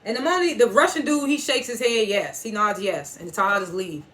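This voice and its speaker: A woman's voice: medium pitch, a little fast, a bit bright. Woman, casual TV recap, chatty retelling, occasional swearing, chuckles. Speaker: TV episode reviewer.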